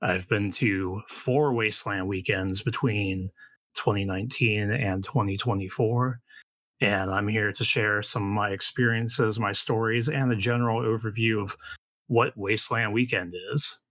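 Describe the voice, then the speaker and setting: A man appearing as a podcast guest, speaking in a measured, slightly theatrical way. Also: fairly low pitch, steady tone, fairly bright tone, no room sound. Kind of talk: casual podcast talk and read intro.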